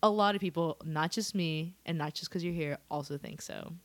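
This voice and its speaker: A woman's voice: fairly low pitch, fairly quick, no room sound. A woman hosting a casual podcast chat, effusive and giggly, saying "dude" often. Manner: warm, effusive and giggly, using "dude" a lot. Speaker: host.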